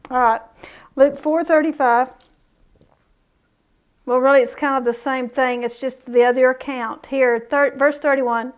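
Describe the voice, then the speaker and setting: Bible teacher, female, high-pitched, folksy and chatty between readings. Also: slow pace, pauses often. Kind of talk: Bible study reading scripture with casual asides.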